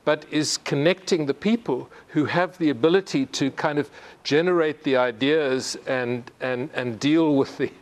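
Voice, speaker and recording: Middle-aged man presenting to a class, thoughtful and halting, many restarts. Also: a little high. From South Africa. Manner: halting, frequent restarts and repeated words. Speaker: university presenter. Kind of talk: conversational lecture.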